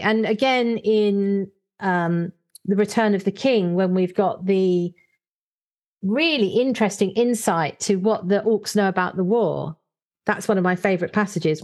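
Her voice sits in the mid range and is a little mellow. In a casual discussion, this woman muses hesitantly, leaning on many fillers, and stops to read short passages from a book.

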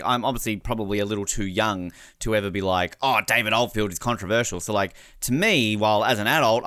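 Young Aussie male co-host, lively pitch swings, bright tone, casual chat. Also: no echo, studio quality. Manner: animated, squeals into high voices when quoting people. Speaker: podcast co-host.

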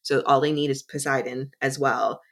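A woman's voice: extremely low pitch, fairly even intonation, normal speed, fairly bright tone. A woman co-hosting a book podcast, chiming in conversationally with plot details. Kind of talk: casual book recap chat.

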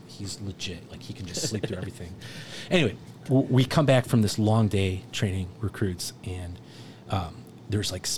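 Rambling, profane firefighter man, low voice. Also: noisy background. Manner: profane, rambling, many restarts and fillers. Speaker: firefighter instructor. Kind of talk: casual storytelling.

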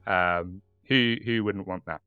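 A man's voice: low voice, slow pace, clean tone, no room sound, phone-quality sound, faint music behind. A man with a British accent co-hosting a podcast, chatting casually and laughing often. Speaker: podcast co-host. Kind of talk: casual chat.

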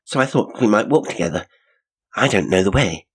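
A man's voice: lowish voice, animated, a little fast, fairly bright tone, slightly rough, voice pushed up. A man reading a mystery story aloud and voicing a determined young woman traveller. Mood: breathless, indignant. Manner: indignant and determined.

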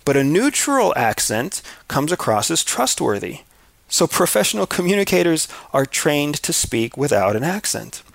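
An American man giving a scripted talk on culture, measured, often putting rhetorical questions to the listener. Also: fairly high pitch, big pitch swings, gravelly, a bit bright, no room sound. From United States.

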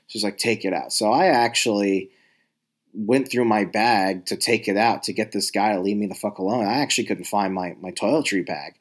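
A man's voice: lowish voice, fairly quick. A man telling a rambling, profane story in a casual monologue, exasperated and full of restarts. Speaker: talker recounting travel stories.

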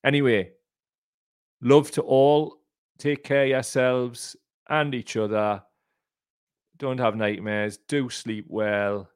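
A man's voice: medium pitch, steady tone, slow, long pauses, smooth, no echo, studio quality. A man hosting a casual livestream, rambling, heartfelt and sweary. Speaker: podcast host.

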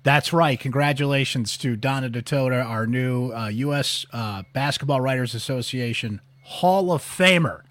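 A man hosts a casual postgame sports show in an upbeat, chatty way, talking straight to his listeners. His voice sits at an average pitch. The sound is dry and close. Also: moderate pace, hardly any pauses, fairly bright tone, no echo. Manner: upbeat, reads listener texts, addresses audience directly. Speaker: sports podcast host.

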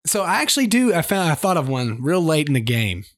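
Man, casual co-host. Mocking banter, lively pitch, dry recording. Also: fairly quick, dry recording. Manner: jokey, mocking, puts on silly voices. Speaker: podcast co-host.

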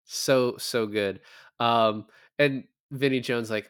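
A man's voice: mid-range voice, fairly even intonation, slow, fairly bright tone, clean tone, no echo, studio quality. A man co-hosting a podcast, casually retelling film scenes with quoted lines and frequent laughs. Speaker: podcast co-host. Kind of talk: casual movie review chat.

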